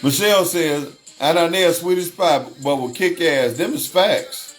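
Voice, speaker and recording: A man's voice: on the high side, a little slow, soft background music. A man hosting a casual livestream, reading chat aloud, swearing freely and laughing often. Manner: profane, laughs often, repeats himself.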